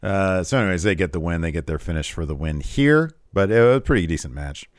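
A fast-talking man co-hosts a podcast in a studio-quality recording with no echo, casually recapping a wrestling show. He's animated, acting out quotes with big jumps in pitch.

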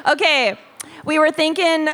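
A woman's voice: sits high, measured pace, fairly bright tone. A woman co-hosting a podcast live on stage, giggly and self-mocking as she steers the show. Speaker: podcast co-host. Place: stage of a historic concert hall.

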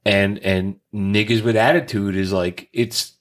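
A man's voice: on the low side, fairly even intonation, a little slow. A man hosting a podcast in casual chat, laid-back and peppering his talk with "dude" and "man". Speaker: podcast host.

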